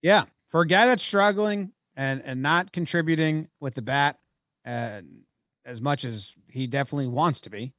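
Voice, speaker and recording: Animated, jokey man. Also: fairly high pitch, moderate pace, no room sound, studio quality. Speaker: podcast co-host. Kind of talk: casual sports chat.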